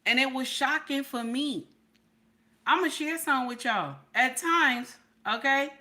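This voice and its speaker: Middle-aged female streamer, emphatic and repetitive, bright voice. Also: high voice, a little slow. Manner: emphatic, repeats lines, talks to chat. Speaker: livestream reaction host. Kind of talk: casual livestream commentary.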